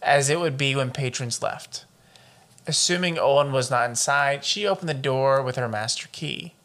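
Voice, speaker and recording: A man co-hosting a podcast reads out a true-crime case at normal speed, his medium-pitched voice fairly bright in tone. The chat is casual, and he keeps drifting into riffs with profane, joking asides.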